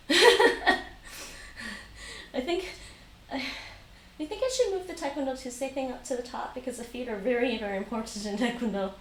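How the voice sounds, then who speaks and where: A woman's voice: sits high, moderate pace, long pauses, a bit bright. Woman coaching taekwondo from across a room. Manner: patient, repeats instructions, counts reps aloud. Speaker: taekwondo instructor and streamer. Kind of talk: live-streamed home exercise lesson. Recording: roomy echo, distant mic, faint noise.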